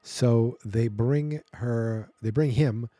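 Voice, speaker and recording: A man's voice: medium pitch, slow, mellow, no room sound, studio quality. A man hosting a podcast, recapping a comic book in a rambling, chatty way and acting out the scenes. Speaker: podcast host.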